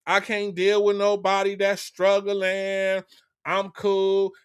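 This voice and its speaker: A man's voice: high-pitched, monotone, slow, smooth, no room sound, clean studio sound. A middle-aged man hosting a casual livestream, preaching in street talk and acting out both sides of a conversation. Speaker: livestream host.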